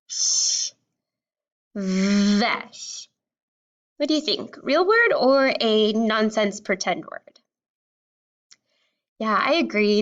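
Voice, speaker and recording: A woman kindergarten teacher leads a phonics drill at an unhurried pace, her voice sitting a little high. She stretches out each sound and praises the children warmly. The recording sounds muffled and lo-fi. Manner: encouraging, sounds out words slowly and distinctly. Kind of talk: slow, clear phonics lesson for young children.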